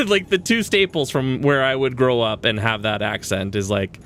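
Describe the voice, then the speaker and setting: A man's voice: mid-range voice, moderate pace, fairly bright tone, slight background noise. A man from Western Canada chatting casually while streaming a game. He rambles, restarts his sentences and chuckles often. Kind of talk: casual gaming stream chat.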